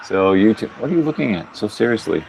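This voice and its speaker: A man's voice: on the low side, animated, fast talker, vocal fry, a little mellow, slight background noise. A man hosting a casual livestream podcast outdoors, rambling and chuckling often as he talks. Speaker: podcast host. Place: outdoors at a tiny home under construction, pigs nearby.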